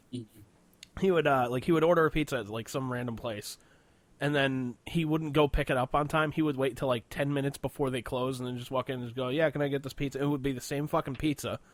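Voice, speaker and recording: A man's voice: mid-range voice, fairly quick, dry recording. A young man co-hosting a casual podcast, telling stories animatedly, laughing often and swearing a lot. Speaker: podcast co-host. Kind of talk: casual chat.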